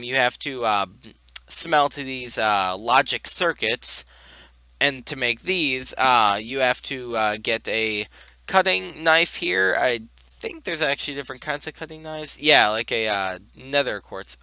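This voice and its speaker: A man's voice: mid-range voice, pushed and bright, smooth, dry recording. A tired young man in casual game commentary, rambling with lots of fillers. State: tired, yawning. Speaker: gaming video host.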